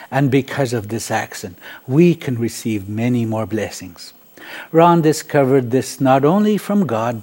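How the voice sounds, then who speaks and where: A man hosting a radio program, reading scripted narration in a calm, earnest, explanatory way. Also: medium pitch.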